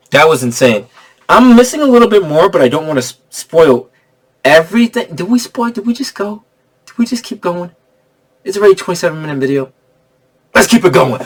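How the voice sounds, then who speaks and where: A man giving a casual spoiler movie review, excitable and profane, laughing often and a bit tipsy from drinking. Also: fairly high pitch, fairly quick. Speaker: film reviewer.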